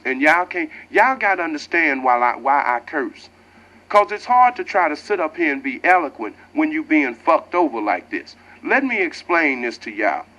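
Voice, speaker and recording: Radio host, man, angry profane monologue, high forceful voice, lectures the audience. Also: poor audio. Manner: furious, profane, preaching to listeners.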